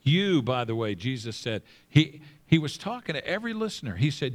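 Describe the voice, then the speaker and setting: A middle-aged male pastor preaching with emphasis, slowing down and repeating phrases, dropping his voice low for scripture. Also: sing-song. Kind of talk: sermon.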